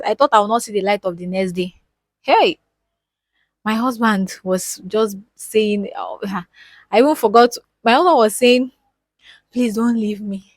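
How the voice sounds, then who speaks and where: A young woman with a Nigerian accent recounts a personal story directly to her viewers. She speaks with deep emotion and keeps repeating words for emphasis, her voice sitting at a middle pitch. The sound is dry and close, with very little room echo. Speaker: vlogger.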